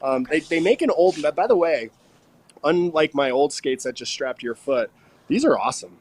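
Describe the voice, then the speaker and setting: A man's voice: a little high, animated, moderate pace, darkish tone. Jokey man co-hosting a morning show. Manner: jokey, laughs often. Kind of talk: casual live-stream chat.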